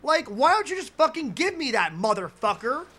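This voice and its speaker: A young man's extremely high, bright, forceful voice swings widely in pitch at a normal speed as he streams a game from home. Into his desk mic he rants angrily, swearing heavily and throwing in sarcastic asides.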